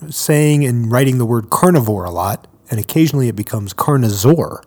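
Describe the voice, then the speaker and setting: A man's voice: medium pitch, lively intonation, a little fast, mellow. A middle-aged man co-hosting a casual podcast, trading wry comebacks and teasing quips. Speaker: podcast co-host. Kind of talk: casual banter.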